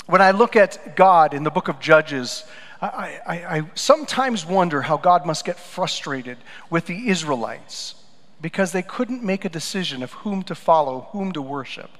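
In a church sanctuary, a pastor with a fairly high voice preaches a sermon, telling stories at a moderate pace. His expressive delivery swings between loud, emphatic lines and quiet, low asides, and the sound rings with a long hall reverb.

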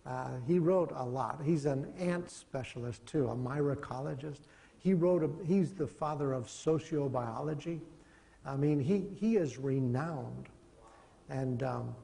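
A man's voice: a little high, vocal fry, mellow, in a large hall. A middle-aged man giving a casual, conversational classroom lecture, wandering between points and chuckling as he goes. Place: lecture hall.

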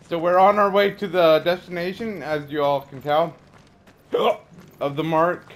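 A man's voice: fairly high pitch, fairly even intonation, measured pace. A man commentating a game as he plays, chatty and rambling, trash-talking the enemies. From Canada. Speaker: let's play gamer.

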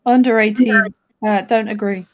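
A woman's voice: medium pitch, steady tone. A woman teasing and joking playfully in a casual voice chat. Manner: playful, teasing, quick to laugh.

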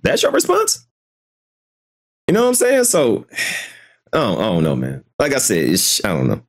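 Hesitant male commentary host, lively pitch. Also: normal speed. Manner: hesitant, repeats himself, swears freely. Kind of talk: casual live commentary.

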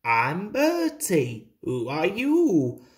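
A chatty, friendly male bus from a children's storybook, voiced by a woman. He speaks slowly in a low register, with a pitch that swings up and down. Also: big pitch swings.

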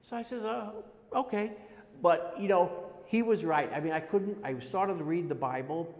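A man in his sixties, an interviewee giving a halting, earnest personal testimony and often repeating words as he goes. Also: fairly high pitch, darkish tone. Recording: long echoey reverb.

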